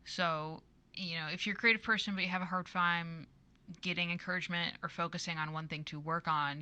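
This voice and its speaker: Woman co-host, casual chatty podcast talk, bright tone, a little low-pitched. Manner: chatty, laughs often.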